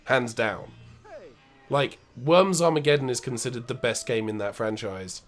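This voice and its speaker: Playing retro games as a show co-host, this man rambles knowledgeably in casual commentary, restarting often. His voice is mid-range, expressive and moderately paced, with soft music in the background.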